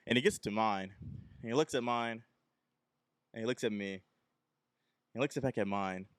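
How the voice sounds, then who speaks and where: A young man from Texas tells a long anecdote on his solo podcast. His voice sits low and sounds smooth and resonant, and he jumps into the voices of the people in his story. The sound is close and dry, with no room in it. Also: normal speed, dry recording. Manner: rambling anecdote, acting out the people he quotes. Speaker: podcast host.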